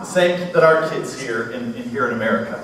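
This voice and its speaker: A missionary speaker gives a genial slide talk in a church sanctuary, chuckling now and then at his own stories. His voice is medium-pitched and a little fast. The recording picks up an echoey hall, a distant mic, and faint hiss.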